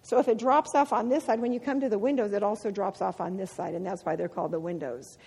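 A long hall reverb surrounds this middle-aged women's ministry speaker, whose medium-pitched voice is slightly rough and quick. She tells personal stories animatedly throughout her devotional talk, laughing a lot.

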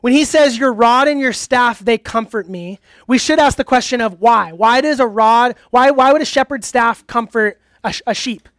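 A young man preaching a youth sermon in a casual, energetic, conversational way. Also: very high voice, moderate pace, hardly any pauses, no echo, clean studio sound. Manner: conversational, energetic, uses "like" often. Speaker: youth pastor.

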